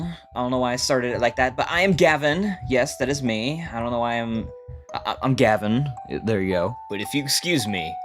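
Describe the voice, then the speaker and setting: Guy doing gameplay commentary, super animated voice, jokey and laughing a lot, bit of music in the back. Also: mid-range voice. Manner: excitable, laughs often, jokey slang. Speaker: gaming YouTuber. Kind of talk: playful gameplay commentary and narration.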